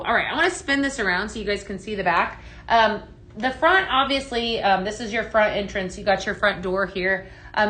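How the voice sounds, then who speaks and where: A woman's voice: medium pitch, sharp tone, a little hiss or hum. A woman hosting a live shopping stream, chatting and gushing over products while she reads out viewer comments, with plenty of fillers. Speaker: live shopping show host. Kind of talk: live product demo chat.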